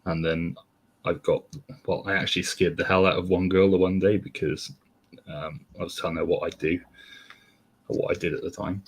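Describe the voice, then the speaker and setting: Brief: British man, very low gravelly bass, husky, quiet and posh in a casual chat. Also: flat delivery, normal speed. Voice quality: deep. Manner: quiet, soft-spoken posh delivery.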